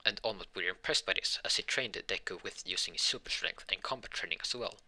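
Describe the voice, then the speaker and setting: A man narrating an improvised fan story in a rambling, halting way with many restarts. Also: sits low, pushed and bright.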